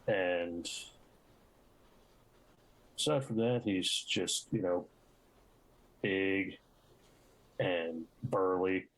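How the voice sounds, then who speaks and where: Slow, very deep-voiced male player. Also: low-quality recording. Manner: hesitant, trailing, many fillers. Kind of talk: describing a scene in a tabletop game.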